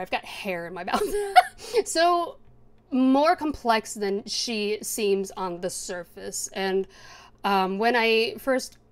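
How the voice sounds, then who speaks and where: A young woman co-hosting a podcast, chatting casually and enthusiastically about anime and laughing often. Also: mid-range voice. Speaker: podcast co-host. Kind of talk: casual anime review chat.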